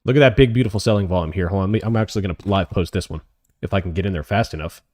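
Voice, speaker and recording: A man hosting a live options trading stream, calling his trades as they happen and answering chat questions, often excited. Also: deep voice, very fast. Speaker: options trading livestream host.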